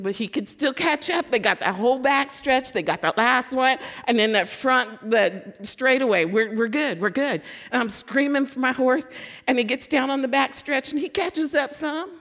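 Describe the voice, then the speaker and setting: A woman from Louisville giving a sermon as a lively personal story, acting out her own excitement and letdown. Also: sits high. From Louisville, Kentucky. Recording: long hall reverb.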